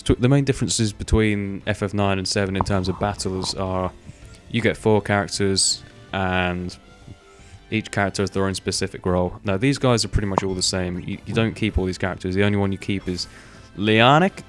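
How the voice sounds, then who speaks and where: Young man, very low voice, rambling gameplay commentary, swears, faint music behind. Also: steady tone, a little fast. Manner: rambling, swears casually, many fillers. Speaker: gaming video host.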